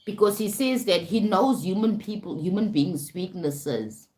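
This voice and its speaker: A woman's voice: medium pitch, expressive, a little slow, darkish tone. A South African woman hosting a casual live talk, keeps checking in with her listeners by asking "right?" and "you understand?". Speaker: host. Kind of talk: casual live-stream talk on self-help.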